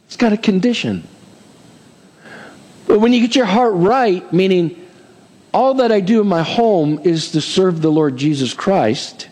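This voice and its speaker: A man's voice: fairly high pitch, a little mellow, in a large hall. A middle-aged man preaching a sermon as pastor, chatty, with frequent "amen?" asides and playful humor. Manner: acts out quoted voices, self-deprecating humor.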